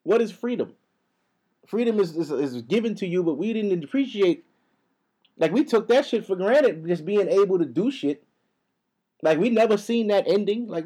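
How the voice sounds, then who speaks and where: A young man rants on his podcast in a high, fast, profane, heated flow. His voice sits above the usual male range. He speaks casually, as if to friends. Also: lively intonation, warm tone, slightly rough. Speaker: podcast host. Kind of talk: casual ranting monologue.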